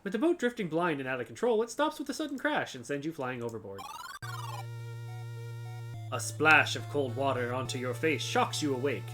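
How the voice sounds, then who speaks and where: A woman's voice: rumbling low, lively intonation, normal speed, a bit bright, soft background music. A woman streamer reading a video game's story text aloud, with playful asides. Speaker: streamer and game developer.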